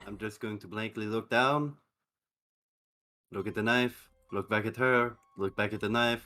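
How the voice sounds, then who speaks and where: A man's voice: on the low side, fairly even intonation, moderate pace, pushed and bright, soft background music. A man playing a tabletop role-playing game, speaking in character with a menacing, hot-tempered, swearing manner. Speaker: player.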